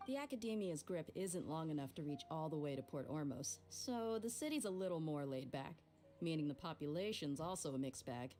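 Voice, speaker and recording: A woman's voice: low voice, lively intonation, fairly quick, mellow, soft background music. An actress voicing a tough, blunt female mercenary in a video game, direct and wry. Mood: matter-of-fact.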